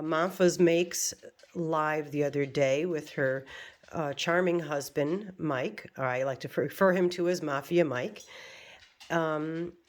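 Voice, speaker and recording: Low-voiced rambling American woman vlogger. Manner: rambling, self-deprecating, chuckles at herself. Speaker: crafting vlogger. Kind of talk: casual chat.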